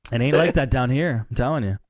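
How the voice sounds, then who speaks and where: A man co-hosting a casual late-night tech talk show. He sounds easygoing and chatty and tosses in quick asides. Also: medium pitch, expressive, no room sound, studio quality. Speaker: co-host.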